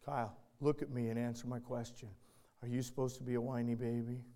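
A man voicing a stern young father who questions and disciplines his little boys in a firm, measured way. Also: mid-range voice, little pitch movement, mellow, pitched below the performer's own voice, close to an everyday voice.

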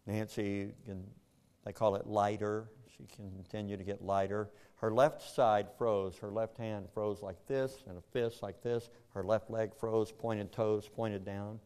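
A man with a drawl and a somewhat low voice tells a personal story. He speaks plainly and earnestly, moving between quiet and more forceful stretches. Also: steady tone, a little slow, clean tone. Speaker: speaker telling his story. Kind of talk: personal testimony.

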